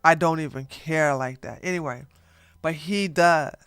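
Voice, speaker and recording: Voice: mid-range voice, measured pace, fairly bright tone, clear, resonant tone, no echo, soft background music. A YouTube drama commentator giving blunt, repetitive ranting reaction commentary into a close mic.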